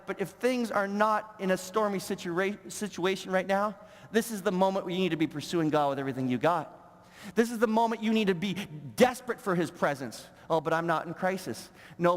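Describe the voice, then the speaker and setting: Pastor, higher-pitched man, emphatic sermon delivery with stammered restarts. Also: in a large hall.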